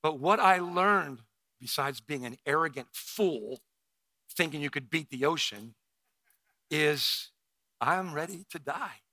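Bright-voiced preacher man, dry sound. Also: on the high side, lively intonation, slow, long pauses, dry recording. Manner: emotional storytelling with frequent restarts and repeated words. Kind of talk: sermon with personal story.

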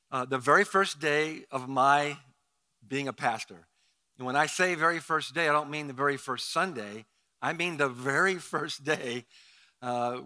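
A middle-aged male pastor telling a story in his sermon, animated and acting out the quotes with sudden loud outbursts. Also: medium pitch.

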